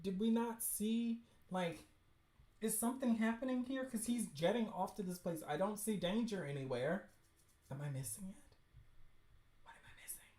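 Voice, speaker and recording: Hosting a livestream in a roomy-sounding space, a high-voiced man excitedly reads webcomics aloud, reacting with slangy chatter and lots of laughter.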